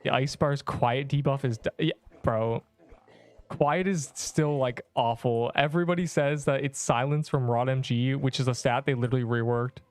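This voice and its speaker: A man's voice: mid-range voice, steady tone, moderate pace, smooth. A man in his twenties livestreaming a game, chatting casually and rambling as he reads chat messages aloud.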